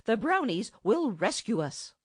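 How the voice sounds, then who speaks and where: A woman voicing a young fairy queen who pleads gently in a raised, light voice. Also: a little high, big pitch swings, a little slow, breathy edge, dry recording, clean studio sound, pitched above the performer's own voice, heavily acted. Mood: defiant.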